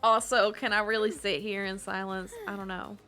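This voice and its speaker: A woman's voice: mid-range voice, level tone, sharp tone, faint music behind, lightly acted. A woman doing a clumsy country cowgirl twang. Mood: playful. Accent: put-on Southern US country. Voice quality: self-admittedly clumsy put-on twang, halting. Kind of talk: live stream chat in a put-on accent.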